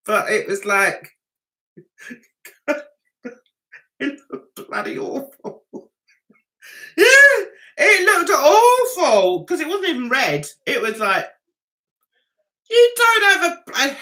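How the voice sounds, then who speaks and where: Chatty high-voiced woman. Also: pushed and bright. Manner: chatty and self-mocking, laughs often, acts out quoted people. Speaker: livestream host reading viewer chat. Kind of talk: casual livestream chat.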